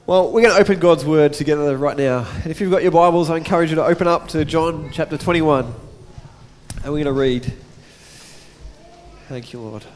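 A man's voice: on the high side, fairly quick, a little mellow, slight background noise. A man preaching a sermon and reading scripture, chatting casually with his congregation between verses. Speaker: pastor. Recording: long hall reverb.

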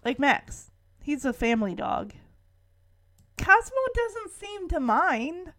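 High-voiced woman with sarcastic asides. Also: very animated, slow, pushed and bright. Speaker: TV episode recapper. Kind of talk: casual episode recap.

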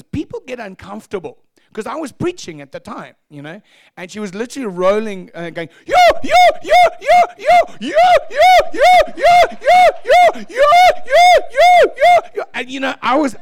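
A man preaching a sermon as pastor, telling stories in an animated way and acting out voices. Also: high voice, vocal fry, no room sound. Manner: animated, acts out voices, laughs at own stories. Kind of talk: sermon storytelling.

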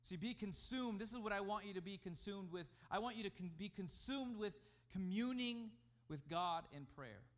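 A man preaching a sermon as pastor, emphatic, rising and falling in loudness. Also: high-pitched, expressive, moderate pace, few pauses.

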